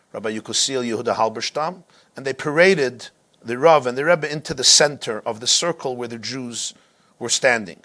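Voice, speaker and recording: A male rabbi teaching a class, telling a story dramatically and slowing down to stress key moments. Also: mid-range voice, a bit bright. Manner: dramatic, slows down for emphasis. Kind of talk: storytelling lecture.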